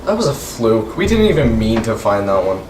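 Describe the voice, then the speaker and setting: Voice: mid-range voice, big pitch swings, moderate pace, darkish tone. A player at a tabletop game, chatting and joking in character. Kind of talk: casual chat at a game table. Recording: echoey room from a distance with music.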